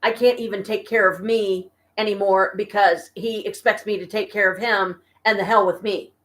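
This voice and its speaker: An exhausted, stressed woman venting to her viewers in a casual live-stream chat from her apartment, talking slowly and haltingly. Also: mid-range voice, steady tone, a bit bright. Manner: weary, venting, slow and halting. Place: home apartment.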